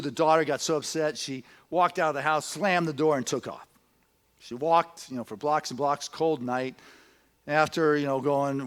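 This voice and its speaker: A male minister giving a sermon, earnest and conversational, moving into storytelling and often adding "you know". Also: on the high side.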